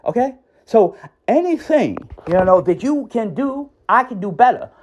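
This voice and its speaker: A man's voice: very high-pitched, sing-song, normal speed. A former schoolteacher, a man, rambling angrily on a recorded phone call and often asking "right?". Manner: rambling, agitated, keeps asking "right?" and says "dude". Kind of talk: heated recorded phone rant.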